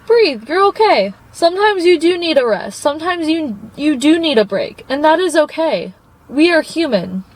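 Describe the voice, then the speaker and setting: A young woman with a noticeably high voice talks to her phone camera in a casual motivational vlog. She is earnest and encouraging throughout and calls her viewers babe, like a supportive friend. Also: big pitch swings, normal speed, poor audio. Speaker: vlogger. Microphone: phone propped up.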